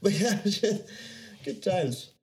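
A man's voice: sits high, expressive, very slow, darkish tone. A young man telling rambling, profane stories in casual chat, laughing often.

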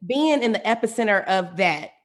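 A woman in casual podcast chat, supportive, adding quick affirmations. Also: mid-range voice, lively intonation. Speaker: co-host.

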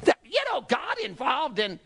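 A man with a very high-pitched, husky voice preaches at a moderate pace, animated and exclamatory, peppering his sermon with rhetorical questions and weary "oh, brother" sighs.

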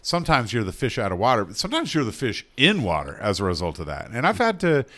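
A man's voice: medium pitch, huge pitch swings, quick pace, bright, forceful tone. A middle-aged man from North Carolina, a mediator hosting an interview and thinking aloud in long rambling turns. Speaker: host and mediator. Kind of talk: conversational interview.

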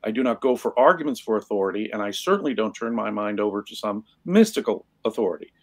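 A man's voice: lowish voice, expressive, quick pace, dry recording. A man speaking as a podcast guest, making firm declarative points and repeating phrases for emphasis. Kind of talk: casual podcast discussion.

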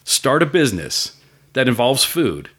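A middle-aged man in casual conversation, telling an animated story with swearing and acted-out voices. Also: mid-range voice, unhurried, slightly rough. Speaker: guest, food business owner.

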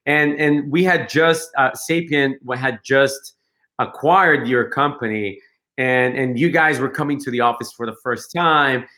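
Man, podcast guest, animated, lively storytelling, bright forceful voice. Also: mid-range voice, a little slow. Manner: animated, laughing, acts out quotes. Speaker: guest entrepreneur. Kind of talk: casual storytelling.

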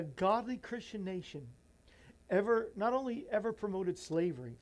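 A man's voice: high voice, animated, normal speed, gravelly. Emotional man reading a children's book. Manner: emotional, voice drops soft and near tears; earnest, folksy asides to listeners. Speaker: radio show host.

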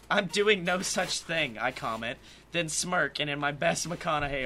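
A man's voice: a little high, lively intonation, a little slow, pushed and bright, a little hiss or hum. A man co-hosting a podcast, reading comic fan fiction with swaggering, theatrical narration. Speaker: podcast co-host.

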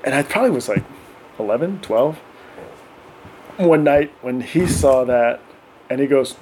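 A middle-aged man telling animated stories in casual podcast chat, often acting out voices and laughing. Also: mid-range voice, a little slow, pauses often, slight background noise. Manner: animated, acts out voices of his kids and himself, laughs often. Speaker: podcast guest.

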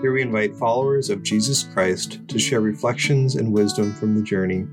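Low-voiced male host over guitar music. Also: moderate pace. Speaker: podcast host. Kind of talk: scripted show introduction.

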